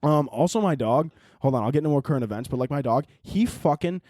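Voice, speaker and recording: A man's voice: on the high side, lively intonation, fast talker, mellow, dry recording, studio quality. A young man in his twenties hosting a comedy podcast, rambling and profane in a casual rant. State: tired from little sleep.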